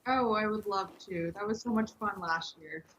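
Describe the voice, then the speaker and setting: A woman's voice: medium pitch, moderate pace, fairly bright tone. A woman joining as a guest cook over a remote call, easygoing and friendly. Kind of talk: casual chat over a call. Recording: dull remote audio with faint noise.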